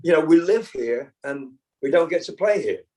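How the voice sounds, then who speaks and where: An older man from Britain answers interview questions in a loose, rambling way, full of restarts and easy laughs. His speaking voice sits somewhat high for a man. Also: expressive, moderate pace, darkish tone, far from the mic, low-quality recording. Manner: rambling, many fillers and restarts, laughs easily. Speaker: rock singer, interview guest. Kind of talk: casual interview chat.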